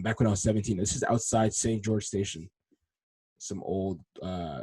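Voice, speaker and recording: A young man hosts a solo podcast and tells a story in rapid, slangy, rambling talk. His voice has a husky edge. It swings between low mutters and loud, animated bursts, recorded close on a dry, deadened mic. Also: no echo. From Congolese heritage. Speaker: podcast host.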